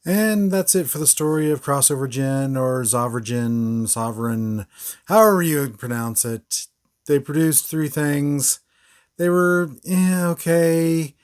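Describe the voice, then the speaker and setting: A man's voice: a little high, slow pace. A man hosting a casual toy review, rambling with frequent fillers and short laughs. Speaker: toy reviewer, channel host.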